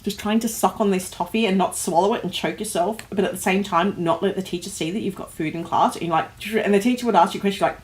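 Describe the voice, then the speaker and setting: An Australian woman hosting a casual livestream, chatting and reading out comments, animated, with frequent laughs and fillers. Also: mid-range voice, fast talker, few pauses. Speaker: host of a planner livestream. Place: home office.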